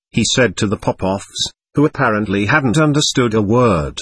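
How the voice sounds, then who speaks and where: A man narrates a first-person story with a slightly husky voice and a lively, wide-ranging pitch. His reading is earnest and measured, and the sound is close and dry. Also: no room sound.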